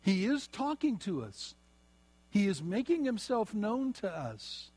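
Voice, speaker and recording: Middle-aged preacher with a higher voice. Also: male voice, breathy edge. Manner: expressive preaching, slows for emphasis, repeats phrases. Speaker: pastor. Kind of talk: sermon.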